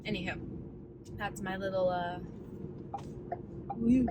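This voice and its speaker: A woman's voice: mid-range voice, fairly even intonation, takes it slowly, heavy background noise. A woman in her thirties in a casual, candid vlog rant, rambling as she coaches herself through her thoughts. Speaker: vlogger.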